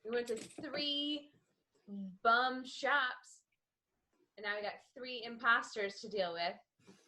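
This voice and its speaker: A woman playing a tabletop game, quick to react and laugh. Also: a little high, pushed and bright, slight background noise. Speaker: player.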